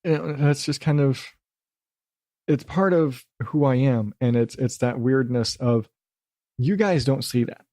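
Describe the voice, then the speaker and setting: A man's voice: medium pitch, measured pace, warm tone, no echo, clean studio sound. A man hosting a rambling solo podcast, talking about himself in a self-deprecating way and drifting into put-on accents. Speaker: podcast host.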